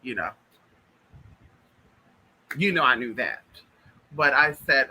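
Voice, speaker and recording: A man with a very bright, sharp voice pitched a little high speaks straight to his viewers in a casual monologue. He is emphatic and repeats himself. He often calls his listeners honey and y'all. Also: lively intonation, unhurried, pauses often, husky, low-quality recording. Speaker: spiritual vlogger. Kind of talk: casual direct-to-camera monologue.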